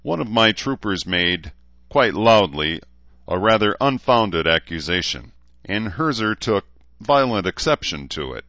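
Wordy, placating cavalry officer, read by a man; low register, slightly lo-fi. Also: sing-song, a little slow, bright, forceful tone, no echo, full character voice. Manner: wordy, conciliatory. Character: smooth male cavalry officer, placating and diplomatic.

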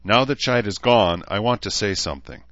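A man voicing a calm, thoughtful male noble commander who explains things in a reasoned, measured way, in an audiobook. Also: lowish voice, no echo, dull audio, voice pushed up, lightly acted. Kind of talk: audiobook character voice.

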